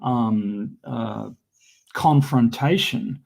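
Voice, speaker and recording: A man talking as a livestream guest in a measured way, pausing often with ums. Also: medium pitch, creaky, a little mellow. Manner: slow and measured, many ums. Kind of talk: casual discussion.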